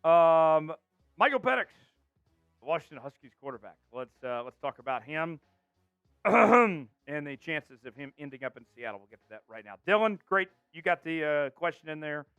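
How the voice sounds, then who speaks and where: A man's voice: fairly high pitch, lively intonation, normal speed, clear, resonant tone, no echo, phone-quality sound, faint music behind. A man hosting a live sports show, talking energetically and calling out viewers from the chat. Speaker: show host.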